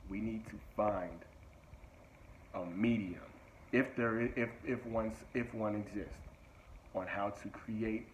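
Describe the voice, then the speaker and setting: A man's voice: lowish voice, a little hiss or hum, poor audio. A man delivering a motivational monologue, emphatic and repetitive, urging listeners directly. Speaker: motivational speaker.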